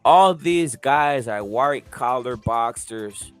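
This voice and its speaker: A man hosting a live boxing talk stream who speaks in an animated, profane way, asks rhetorical questions over and over and drives his points home by repeating them. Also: mid-range voice, takes it slowly, clear, resonant tone, no echo, soft background music. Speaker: host.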